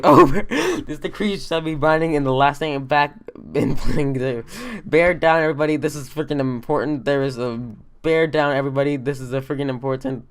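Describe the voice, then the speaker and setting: A man's voice: mid-range voice, clean tone, natural voice. A man voicing an irritable, bossy young male troll leader in a fan dub, ranting and rambling in exasperation.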